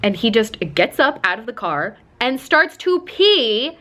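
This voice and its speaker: A woman's voice: a little high, very animated, unhurried, bright, forceful tone. A young woman in her twenties telling a chatty storytime, full of likes and quoting people in put-on voices. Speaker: lifestyle vlogger. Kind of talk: casual storytime.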